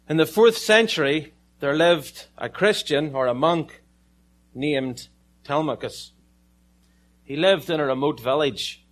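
A man with an Irish accent preaching a sermon, telling a story with dramatic pauses and some joking asides. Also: medium pitch. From Ireland.

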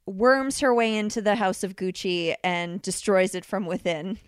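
Woman podcast co-host, casual film chat, chatty and filler-heavy, smooth clear voice, dry close sound. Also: mid-range voice, normal speed, no room sound.

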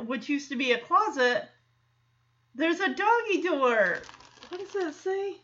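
A woman's voice: high-pitched, expressive, takes it slowly, pauses often, pushed and bright, muffled recording. A young woman recapping a TV episode in a casual, gushing, enthusiastic way. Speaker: show recap vlogger.

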